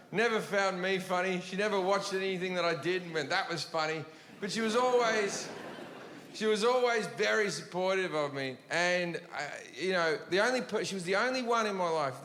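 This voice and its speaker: A bright, high-voiced man telling a rambling, profanity-laced stand-up story in a big live venue. His sound rings with long hall reverb, and a crowd murmurs faintly behind him. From Australia. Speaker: stand-up comedian. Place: large comedy venue with audience.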